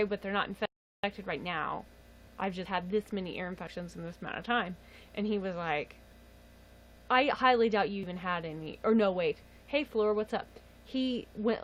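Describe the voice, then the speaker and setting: A young woman chats on a home livestream, telling a long story with exasperated asides and frequent laughs. Her voice sits at an ordinary middle pitch for a woman. A faint hiss of background noise runs under the webcam mic. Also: poor audio. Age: young adult. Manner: chatty, exasperated, laughs often. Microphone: webcam or phone mic.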